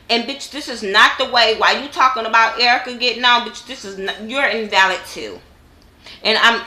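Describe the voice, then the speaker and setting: A woman's voice: medium pitch, bright, forceful tone, reverberant. A young woman, reviewing a reality show in a blunt, heated, profane vlog. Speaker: YouTube reviewer.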